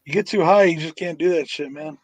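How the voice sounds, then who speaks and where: A man's voice: a little high, fairly quick, no echo, poor audio. A man co-hosting a live horror show, chatting casually, swearing and egging others on to do voices. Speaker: podcast co-host. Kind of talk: casual chat trading impressions.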